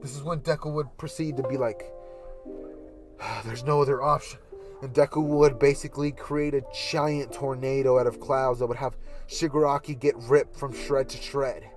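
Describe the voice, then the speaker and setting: A man's voice: medium pitch, little pitch movement, moderate pace, over music. Man narrating an anime fan scenario. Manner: rambling, repetitive hypothetical narration with fillers. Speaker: YouTuber. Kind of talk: casual fan-fiction storytelling.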